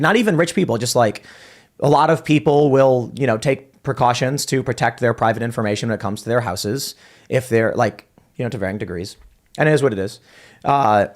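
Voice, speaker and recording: Male livestream host, casual, rambling storyteller, mid-pitched. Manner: rambling, storytelling with many restarts and fillers. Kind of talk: casual chat.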